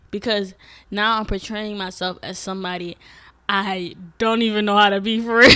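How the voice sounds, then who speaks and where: Vlogging from Atlanta, a young woman with a smooth, mid-range voice reflects casually and candidly on camera. She speaks with emphasis, swears without restraint, and now and then erupts into sudden loud outbursts.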